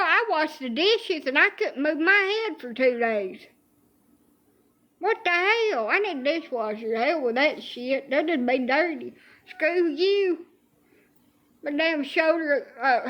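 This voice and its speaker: A woman in her late thirties with a high voice talks straight into the camera, grumbling and cursing her way through a comic rant. Her complaints come out loose, loud and exaggerated, in a casual storytelling flow. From Alabama. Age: 30s. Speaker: social media streamer.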